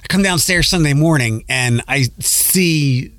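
A man's voice: on the high side, unhurried, a bit bright. A man hosting a podcast, telling rambling stories and restarting often in casual chat. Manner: rambling, self-interrupting storyteller. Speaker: podcast host.

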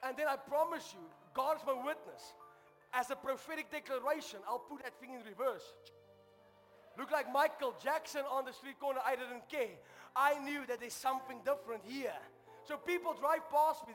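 A man's voice: very high-pitched, moderate pace, fairly bright tone. A South African man preaching a sermon to a congregation, telling a personal story with fervour and calling out to his listeners. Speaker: pastor. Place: church hall before a congregation. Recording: long hall reverb with faint music.

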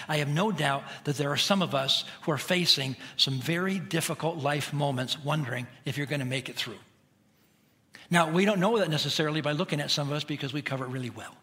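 Bright-voiced male pastor preaching. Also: on the high side. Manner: conversational preaching, swings from hushed to shouting. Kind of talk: sermon. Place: church sanctuary.

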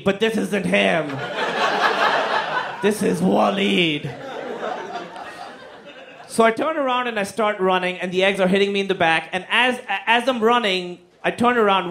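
A man telling a stand-up comedy story, animated and profane, acting out the people in it with silly voices. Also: high-pitched, fairly quick, hardly any pauses, a crowd in the background. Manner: animated, acts out quotes in silly voices, swears freely.

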